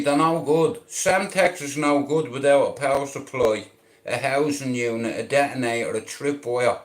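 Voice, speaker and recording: Slow, intense Irish man in echoey room. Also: mid-range voice. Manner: intense, swaggering, profane, repeats questions. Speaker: livestreamer. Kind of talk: rambling live-stream monologue. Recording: roomy echo.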